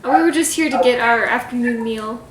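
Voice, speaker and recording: Woman player, plain-spoken, fairly high voice, roomy sound. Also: moderate pace. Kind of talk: casual play. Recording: echoey room.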